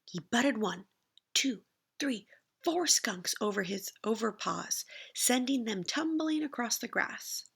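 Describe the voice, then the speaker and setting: A woman teacher reads a picture book aloud to young children, unhurried and expressive. Her voice is slightly high and husky, with a gravelly creak at the ends of phrases. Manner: expressive storytelling, slow and deliberate.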